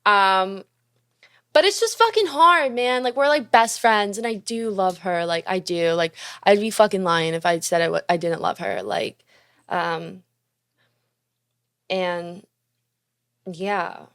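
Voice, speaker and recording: Young woman podcast host, swears a ton, talks fast and laughs a lot, super candid storytime vibe. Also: on the low side, a bit bright, smooth. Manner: fast, profane, confessional, laughing often.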